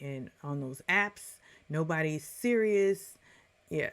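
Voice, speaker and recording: A woman commenting on a reality show in a casual, opinionated rant, animated and quick to act out other people's lines. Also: low voice. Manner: opinionated, animated, puts on voices when quoting.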